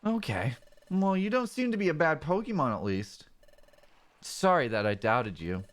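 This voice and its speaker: Man voicing earnest young Mudkip, high, lively, slow. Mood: curious. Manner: raised, earnest storybook voice. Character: friendly young male Mudkip partner, earnest.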